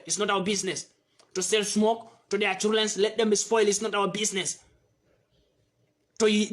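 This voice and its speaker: Fiery high-voiced man preaching. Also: a bit bright. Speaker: activist commentator. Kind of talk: impassioned monologue.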